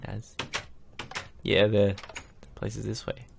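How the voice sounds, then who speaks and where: Sleepy, gravelly young man narrating gameplay. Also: lowish voice, takes it slowly, slight background noise. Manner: relaxed rambling commentary, just woken up. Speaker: gaming YouTuber. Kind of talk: casual Minecraft let's play.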